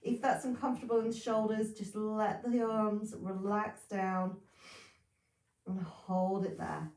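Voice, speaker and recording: A woman talks a Pilates class through each move in calm, steady cues, a little sniffly with hay fever. Her voice sits at a middling pitch. It is recorded from a distance, in a room that gives it a noticeable echo. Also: measured pace. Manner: calm, steady cueing with brief apologies for sniffles and yawns. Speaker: Pilates instructor. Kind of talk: guided exercise class instruction. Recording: roomy sound, mic at a distance.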